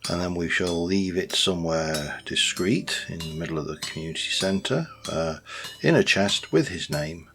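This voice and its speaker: Chatty man with a very low voice. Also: normal speed, background noise. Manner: chatty and rambling, with many fillers. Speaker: let's-play host. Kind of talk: casual game commentary.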